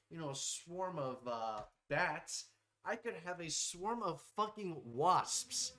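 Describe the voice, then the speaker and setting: A man's voice: on the high side, a bit bright. A young man hosting a comedic tier-list video, ranting brashly with constant swearing and mock-tough bravado. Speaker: host ranking game characters.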